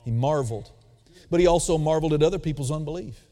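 A man preaching a sermon, swinging between loud dramatic emphasis and quiet asides, calling out for responses from the congregation. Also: on the high side, fast talker. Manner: calls for audience response. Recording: long reverb of a large hall.

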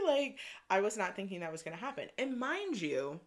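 A woman from Michigan, hosting a podcast, telling a personal story in an excitable, casual way, with lots of "like" and some swearing. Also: mid-range voice, fairly quick. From Michigan, USA. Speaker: podcast host.

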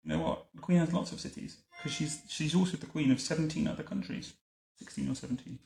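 A man reading a picture book aloud to a child at home, adding wry, deadpan comments between the lines. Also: fairly high pitch, fast, gravelly. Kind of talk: bedtime story reading with joking asides. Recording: roomy echo.

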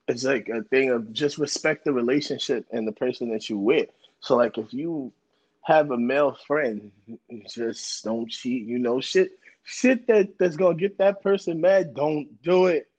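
A man's voice: mid-range voice, measured pace, low-quality recording. A man co-hosting a podcast in casual chat, laid-back and giving relationship advice. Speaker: podcast co-host.

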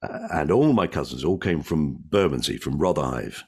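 An older English man with a husky voice, chatting as a podcast guest in a playful way, slipping into put-on voices. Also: a bass voice, big pitch swings, moderate pace, darkish tone. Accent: southern English, educated. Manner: playful, slips into put-on voices and cockney impressions. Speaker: comedian and podcast host, guest. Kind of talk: casual chat.

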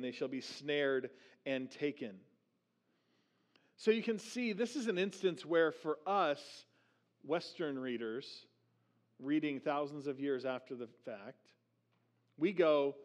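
Animated male pastor preaching a sermon. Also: on the high side. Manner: slows down for scripture readings, animated when acting out questions.

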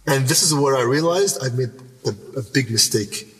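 A man's voice: mid-range voice, normal speed. A man recounts a personal story to a podcast host, his voice leaping up and down. He stresses words hard and restarts sentences often. The room sounds echoey, with the mic some way off. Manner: animated, emphatic, repeats words and restarts. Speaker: podcast guest. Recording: reverberant room, mic at a distance.

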